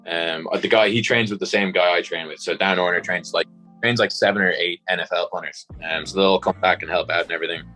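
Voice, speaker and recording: Young man, Dublin accent, very low pitch, bright tone, rambling casual chat, faint music behind. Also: rough recording. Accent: Dublin Irish. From Ireland. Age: young adult. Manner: rambling, many "like" and "um" fillers. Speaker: guest, college punter.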